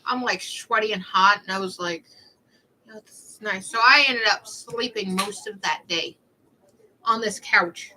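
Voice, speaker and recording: A woman's voice: medium pitch, a little slow, bright, forceful tone, a little hiss or hum, rough recording. A young woman chatting casually on a livestream, telling rambling stories in a snarky, talkative way.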